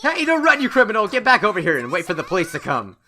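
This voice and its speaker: A fiery, bossy young schoolgirl from a visual novel game scolds in a shrill, accusing tone, as a man puts her on. The voice sits high and bright and swoops all over the place, huffy and forceful. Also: very animated, fairly quick, slight background noise, exaggerated voice. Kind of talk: reading visual novel dialogue aloud.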